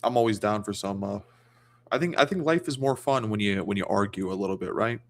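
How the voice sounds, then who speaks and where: A man's voice: lowish voice, brisk. A man chatting casually as a guest on a livestream, rambling with many restarts. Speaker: guest streamer.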